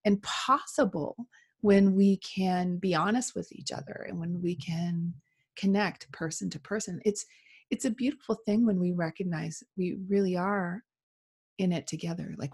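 A woman speaking in an earnest, reflective way in a casual conversation, with soft laughs. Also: on the low side, husky.

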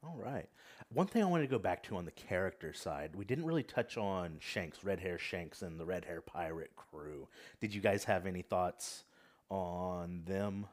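Low-voiced man hosting a casual podcast. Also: normal speed. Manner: steers the talk, calls on each guest by name. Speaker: podcast host. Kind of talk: casual chat.

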